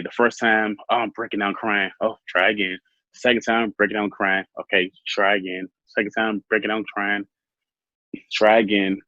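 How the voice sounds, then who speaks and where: A man telling his own story as an interview guest, soft-spoken and halting with many fillers. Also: on the low side, no echo, dull audio.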